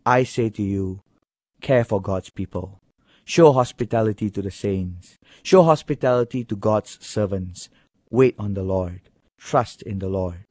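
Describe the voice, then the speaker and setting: A man preaching an expository sermon in an earnest manner, with sudden high emphatic rises. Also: measured pace, darkish tone, no room sound.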